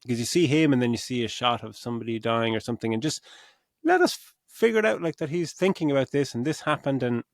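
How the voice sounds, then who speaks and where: A man's voice: medium pitch, quick pace, hardly any pauses, dry recording. A middle-aged podcast co-host talks through a film review in a loose, rambling way, swearing freely and acting out his own reactions. His voice is recorded close and dry, with no room sound around it. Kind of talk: casual film review chat.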